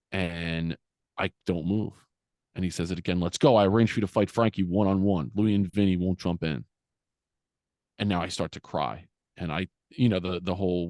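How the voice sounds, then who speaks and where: A man's voice: sits low, dry recording, clean studio sound. A middle-aged man, a podcast guest, telling a personal story in an earnest, frank, casual way, with fillers and some swearing.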